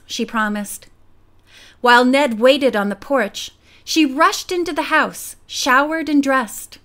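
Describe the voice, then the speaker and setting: A woman narrating a girls' mystery audiobook in a measured, quiet storytelling manner. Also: high-pitched. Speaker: audiobook reader. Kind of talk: scripted narration.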